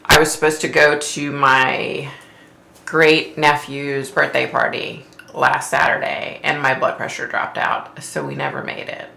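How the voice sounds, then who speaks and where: A middle-aged woman hosting a casual live stream, giggling often and greeting viewers by name in high squeals. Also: flat delivery, measured pace, gravelly, sharp tone. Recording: roomy echo with faint noise.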